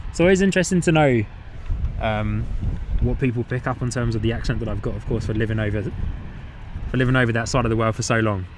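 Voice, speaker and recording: A man's voice: mid-range voice, slight background noise. A man with a New Zealand-tinged English accent, casually commentating live outdoors beside an airport and chatting with viewers, often repeating his own phrases. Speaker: plane-spotting livestream host.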